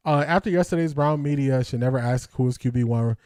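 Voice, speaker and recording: A man's voice: mid-range voice, fast talker, few pauses, darkish tone, no echo. A man hosting a casual live stream, reading comments aloud, laughing often and repeating catchphrases in slangy talk. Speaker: host.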